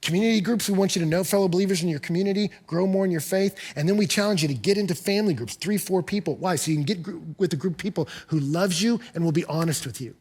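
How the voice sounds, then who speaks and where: Husky high-voiced man preaching a sermon. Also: quick pace, hardly any pauses. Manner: animated storyteller, acts out dialogue in quotes. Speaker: pastor.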